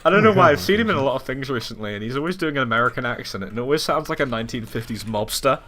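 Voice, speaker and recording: A man's voice: mid-range voice, expressive, very fast, bright, forceful tone, a little hiss or hum. A man co-hosting a casual podcast, wry and self-deprecating, often stopping and restarting his sentences. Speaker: podcast co-host. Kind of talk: casual chat.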